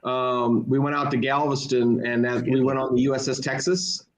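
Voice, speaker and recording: A man co-hosting a casual online chat, telling a long family story in a relaxed, anecdotal way. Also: medium pitch, moderate pace. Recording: echoey room.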